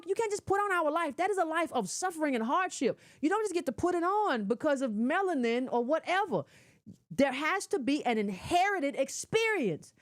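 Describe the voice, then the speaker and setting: A middle-aged woman talks straight at the listener in a casual, opinionated commentary. She lectures emphatically and keeps to colloquial speech, with a high voice that swoops up and down. The sound is dry and close, with little room around it. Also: dry recording. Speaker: commentator reacting to clips.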